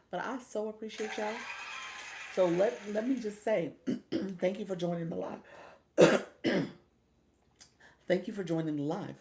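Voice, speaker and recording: A woman's voice: fairly low pitch, darkish tone, a little hiss or hum. A woman hosting a casual livestream, chatty and encouraging, talking straight to her viewers and saying y'all. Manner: chatty and encouraging, says y'all, mimics voices. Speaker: livestream coach and host.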